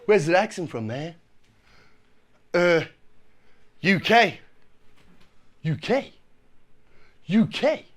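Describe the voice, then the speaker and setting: A man's voice: high-pitched, sing-song, extremely slow, pauses often, heavily acted. A man voicing a crude, swaggering American bus passenger who swears constantly.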